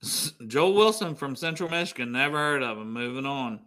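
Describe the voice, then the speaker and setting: A man's voice: mid-range voice, expressive, fairly quick, fairly bright tone. A man co-hosting a sports podcast in casual chat, teasing and skeptical. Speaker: podcast co-host.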